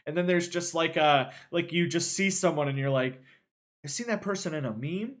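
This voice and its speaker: A man's voice: fairly high pitch, normal speed. A young man co-hosting a casual podcast, often laughing and quoting what people told him. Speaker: podcast co-host. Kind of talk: casual chat.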